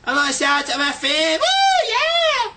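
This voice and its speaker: Man doing a ditzy drunk party girl, very high squeals, shouting, breathless, from off the mic. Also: wildly swooping pitch, a little slow, heavy background noise, exaggerated voice. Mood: giddy squealing. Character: drunk giddy young party girl shrieking.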